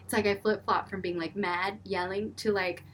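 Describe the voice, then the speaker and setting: Casual podcast chat comes from a young woman, a co-host and mother of a five-year-old, talking at normal speed with a medium-pitched voice. She animatedly acts out her son and herself as she tells stories about him.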